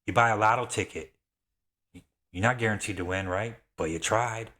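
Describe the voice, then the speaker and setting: A man in his thirties making an excited, repetitive sales pitch, getting worked up as he talks. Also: normal speed. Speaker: affiliate marketer. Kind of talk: excited sales pitch, self-described rant.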